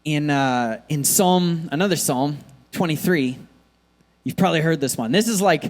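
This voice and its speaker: A man preaching a sermon in a church, talking casually with lots of fillers, and swinging between soft, quiet lines and loud, emphatic ones. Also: fairly high pitch, moderate pace. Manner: casual, conversational preaching with many fillers and laughs. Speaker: pastor.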